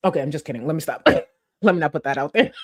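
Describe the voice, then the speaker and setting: A woman's voice: low-pitched, animated, quick pace, no echo, studio quality. A woman streaming live, reacting to clips with casual commentary, joking asides, mock-dramatic rants and plenty of swearing.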